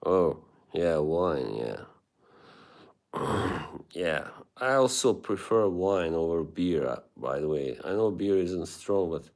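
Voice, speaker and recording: Slow, deep-voiced man chatting casually. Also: lively intonation, a little mellow. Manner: easygoing, laughs often between remarks. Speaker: livestream host reading chat. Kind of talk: casual livestream chat.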